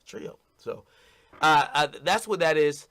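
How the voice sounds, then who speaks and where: A man's voice: on the high side, lively intonation, slow, fairly bright tone. A man talking casually and bluntly to his stream audience, rambling and repeating "you know what I mean".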